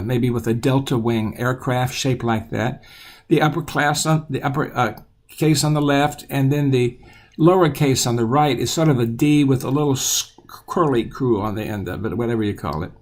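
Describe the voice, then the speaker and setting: Patient man teaching letters slowly. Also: mid-range voice. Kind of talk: children's alphabet lesson.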